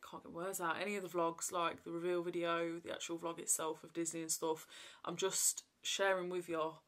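Mum rambling on to camera in her vlog, lots of you know and like, lowish voice. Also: little pitch movement, moderate pace, a bit bright. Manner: rambling, chatty, lots of fillers. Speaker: vlogger. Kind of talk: casual chat to camera.

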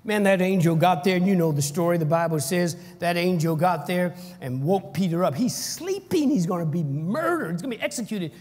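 A man preaching a sermon as pastor, energetic and leading the congregation in call-and-response. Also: sits high, a little fast, few pauses. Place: church hall. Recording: echoey church hall.

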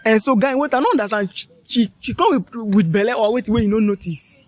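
A Nigerian man interviewing on the street, probing with quick questions, stammering restarts and exclamations. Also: high voice, no room sound.

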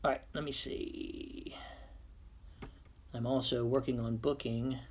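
A man's voice: mid-range voice, flat delivery, slow, a little hiss or hum. A man hosting a casual live-stream podcast, playful and muttering silly asides to himself as he sets up at his computer. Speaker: podcast host on a livestream.

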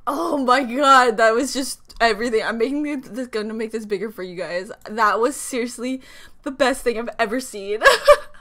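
A young woman reacting excitedly on her channel, gushing, squealing and laughing until she cries. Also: on the high side, moderate pace. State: crying and laughing. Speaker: reaction video host.

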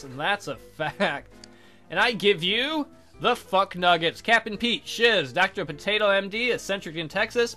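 A man's voice: high voice, sharp tone. A man giving casual gameplay commentary as a let's player, joking and rambling, swearing freely. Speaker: video game let's player.

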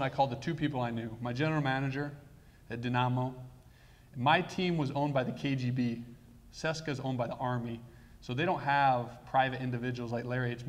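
Man telling a story in a flat voice. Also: medium pitch. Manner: storytelling, halting restarts, quiet asides. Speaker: guest speaker. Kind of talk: personal story talk.

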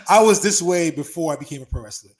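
Wrestler guy telling stories in an interview, kinda high voice, swears a lot, acts out what people said. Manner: animated storyteller, profane, acts out quotes. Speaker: interview guest, former pro wrestler. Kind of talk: casual storytelling interview.

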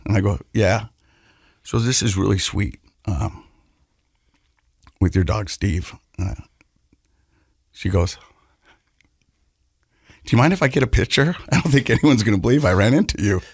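With a fairly low, husky voice, a podcast co-host tells an animated personal story a little slowly, pausing often. It's rambling and casual, with restarts, repeated words and laughter, and it shifts into earnest reflection. The studio sound is clean and dry.

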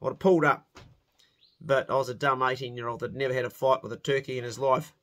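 A man's voice: medium pitch, fairly even intonation, fast talker, a bit bright. A middle-aged man telling a rowdy personal story in a casual spoken way, swearing freely and laughing at himself.

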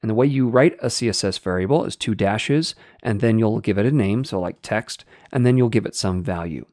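A man explaining code step by step in a screen-recorded coding tutorial, in a steady teaching manner. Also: fairly low pitch, a little fast, no room sound, studio quality. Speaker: web development tutor.

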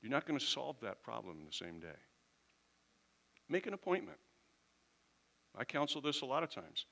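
Bright-voiced male pastor, conversational sermon. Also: mid-range voice, very animated, moderate pace, gravelly. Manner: conversational, acts out short quoted exchanges.

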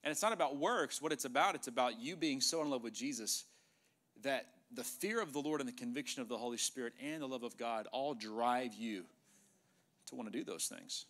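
A middle-aged male pastor preaching an emphatic sermon in a church, sometimes dropping to a hushed voice for effect. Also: mid-range voice, a little fast. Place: church sanctuary.

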